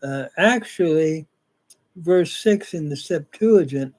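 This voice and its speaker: Slow, halting older male Bible teacher. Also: on the high side, darkish tone. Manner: slow, halting, with frequent fillers. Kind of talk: scripture reading and grammar lesson.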